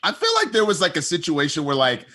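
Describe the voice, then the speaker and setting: Man recapping a show, bright voice. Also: on the high side, quick pace. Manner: acts out quoted lines in lively voices. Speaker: podcast co-host. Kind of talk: animated episode recap.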